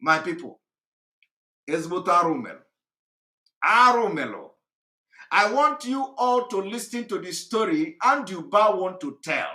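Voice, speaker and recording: A man's voice: high voice, animated, normal speed, hardly any pauses, pushed and bright. A man giving a rambling live broadcast monologue, retelling stories with a comic touch. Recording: roomy echo.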